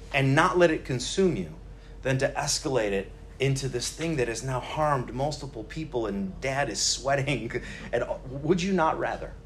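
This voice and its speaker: A man preaching a Bible teaching in a conversational, animated way, acting out quoted lines and often restarting his sentences. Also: medium pitch, a little hiss or hum. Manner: many restarts and repeated words. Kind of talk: sermon.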